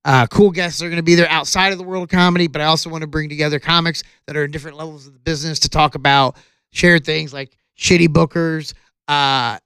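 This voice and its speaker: A male stand-up comic talks casually on a podcast, plugging upcoming shows. His voice sits high with a gravelly rasp, yet comes through smooth and dry. He pads his sentences with "uh" and "like.". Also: fast talker, dry recording. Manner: animated, plugging shows with many fillers. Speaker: stand-up comedian guest.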